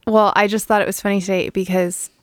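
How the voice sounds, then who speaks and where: A woman co-hosting a podcast who tells stories in a casual, animated way and laughs often. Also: medium pitch, fast, dry recording, clean studio sound. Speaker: podcast co-host. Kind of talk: casual chat.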